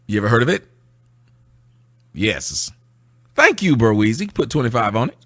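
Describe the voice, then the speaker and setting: A man's voice: on the low side, very animated, normal speed, pauses often, fairly bright tone, no room sound, clean studio sound. Sarcastic man ranting at his chat. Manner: sarcastic, mocking; reads out and answers viewer comments. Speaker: livestream host. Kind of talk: casual livestream rant to chat.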